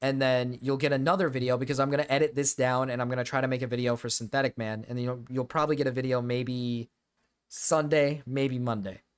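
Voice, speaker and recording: A man's voice: mid-range voice, flat delivery, a little fast, smooth. A young man streaming, chatting casually to his viewers, rambling and swearing with frequent restarts.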